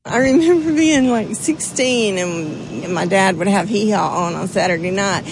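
A woman's voice: medium pitch, moderate pace, slight background noise, poor audio. A woman fan reminiscing in a chatty, emotional way, recorded in the field. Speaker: fan interviewee. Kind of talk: casual reminiscing.

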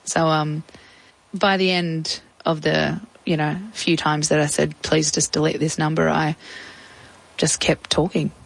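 Low, gravelly Australian woman recounting her story. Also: level tone, measured pace, rough recording. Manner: casual, reflective, uses "I'm like" and quoted speech. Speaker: interview guest.

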